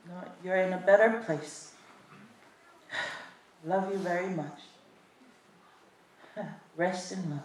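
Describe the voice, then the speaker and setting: Slow-spoken woman in an echoey hall. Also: fairly low pitch, far from the mic, a little hiss or hum. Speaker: family member speaking at a memorial service. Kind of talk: tearful farewell speech. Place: large echoey hall at a family service.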